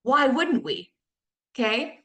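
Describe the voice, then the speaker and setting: Woman, 30s, team leader; energetic motivational coaching talk, pitch leaps when excited, recorded in an echoey room. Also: takes it slowly. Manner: energetic, addresses the audience as y'all, pitch jumps up when excited. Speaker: network marketing team leader.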